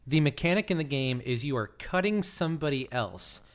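A man's voice: on the high side, brisk. A man co-hosting a podcast in casual chat, thoughtful with playful jokes. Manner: thoughtful, joking, animated. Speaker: podcast co-host.

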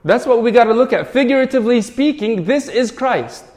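A man's voice: extremely high pitch, animated, brisk, darkish tone, in a large hall. A man, a priest, giving an earnest sermon full of rhetorical questions.

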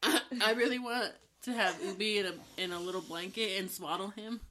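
A pet owner vlogging in casual chat talks to her dog in a bubbly, silly way, giggling and asking it playful questions. Her medium-pitched voice is brisk, bright, and forceful.

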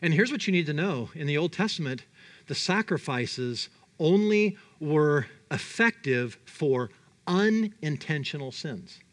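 A man preaching a sermon, animated and dramatic, his delivery full of emphatic rises and drops. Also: on the high side, unhurried. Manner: animated, dramatic, voices God and Jonah in quotes.

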